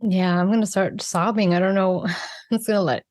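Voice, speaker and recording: A woman who is a guest on a podcast, speaking in an expressive, earnest way about her inner life. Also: medium pitch, moderate pace. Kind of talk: heartfelt spiritual conversation.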